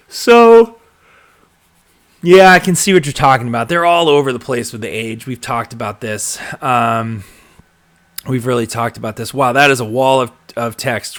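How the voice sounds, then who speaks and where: A man's voice: mid-range voice, a bit bright. A young man hosting a live stream in a casual, rambling way, full of ums and restarts as he reads out and answers viewer comments. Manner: rambling, filler-heavy, chuckles and trails off. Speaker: host of a live show reading viewer comments.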